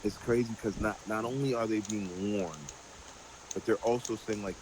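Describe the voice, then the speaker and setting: Low-voiced man leading casual Bible talk. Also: normal speed, noisy background. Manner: animated, draws everyday parallels, many fillers. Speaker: Bible study host. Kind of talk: casual group Bible study chat.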